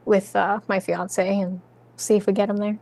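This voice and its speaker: A woman's voice: medium pitch, little pitch movement, moderate pace, creaky, a little mellow. A Canadian woman chatting as a guest on a podcast about her book. She talks loosely and self-deprecatingly, breaking into easy laughter between thoughts. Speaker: guest author. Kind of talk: casual podcast chat.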